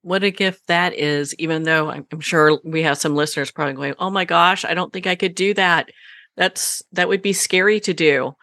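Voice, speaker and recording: A woman radio host with a bright, clear voice in a dry, close sound. She reflects on what her guest has said in an affirming way. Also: on the low side, normal speed, no room sound. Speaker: radio talk show host. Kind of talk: radio interview conversation.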